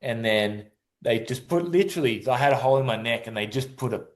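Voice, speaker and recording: A man with a medium-pitched, expressive voice speaks briskly as a guest in a casual interview. He's an adaptive surfer telling a personal story, rambling, restarting often and acting out what people said.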